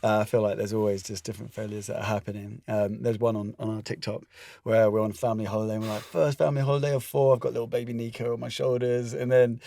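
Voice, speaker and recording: A man tells a funny story in a relaxed podcast chat and laughs at himself along the way. His voice has a gravelly edge. The recording is dry and close. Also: on the low side, quick pace, no echo. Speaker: podcast co-host. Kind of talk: casual chat.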